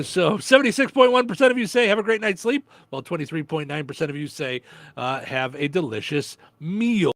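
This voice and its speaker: Chatty high-voiced man radio host. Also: dry recording. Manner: relaxed, chatty, lots of fillers. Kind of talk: casual radio chat.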